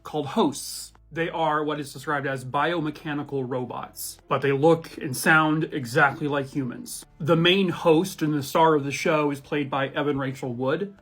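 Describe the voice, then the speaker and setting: Guy reviewing movies and shows, chatty and excited, kinda high voice. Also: normal speed, hardly any pauses, soft background music. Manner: enthusiastic, conversational, playful. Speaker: host. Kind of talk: casual movie and TV review chat.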